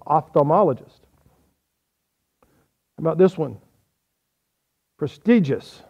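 A man's voice: sits high, darkish tone, highs cut off. A man preaching a folksy sermon, quizzing his audience on how they say words.

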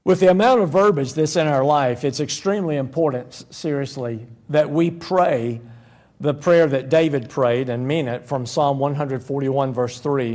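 A man's voice: on the high side, moderate pace, darkish tone. A man preaching a sermon in a conversational, folksy way, with humorous one-liners and frequent restarts.

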